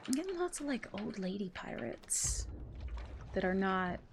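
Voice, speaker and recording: A woman streaming a game live, talking casually to her chat as she plays. Her voice sits in an ordinary middle pitch, and she swears freely and laughs easily, with a faint hum of noise behind her. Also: big pitch swings, a little slow, gravelly.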